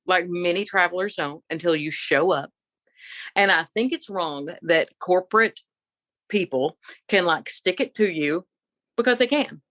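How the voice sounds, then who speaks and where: A middle-aged woman co-hosting a podcast, telling a story in an animated, opinionated casual chat. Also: on the low side, unhurried, no room sound. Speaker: podcast co-host.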